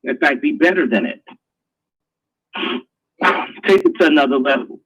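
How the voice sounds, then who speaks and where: A man's voice: mid-range voice, expressive, normal speed, husky, rough recording. A man hosting a live online talk show, ranting in a crude, preachy way. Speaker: host.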